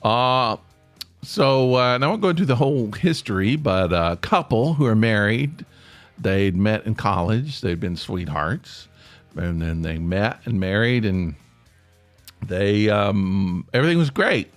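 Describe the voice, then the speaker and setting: A man's voice: lowish voice, expressive, unhurried, dry recording, faint music behind. A man hosting a solo podcast in a casual, rambling way, often stopping and restarting his sentences. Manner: rambling, self-interrupting, chatty. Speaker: podcast host. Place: home near Atlanta.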